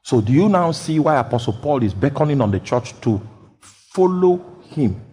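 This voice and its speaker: A man preaching a sermon, jumping from loud shouted quotations down to quiet, low explanation. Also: very animated, normal speed, slightly rough. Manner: bursts into loud shouted quotes, then drops low. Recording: long hall reverb.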